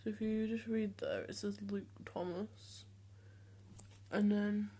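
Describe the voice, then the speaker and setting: A man's voice: level tone, mellow. Hesitant teenage guy vlogging. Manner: hesitant, many ums and restarts; deliberately lowered speaking voice. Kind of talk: casual talk to camera.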